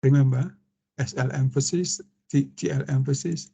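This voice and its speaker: A man with an Indonesian accent giving a screen-share lecture on translation, halting and full of fillers and restarts. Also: medium pitch, fairly even intonation, vocal fry, mellow, husky.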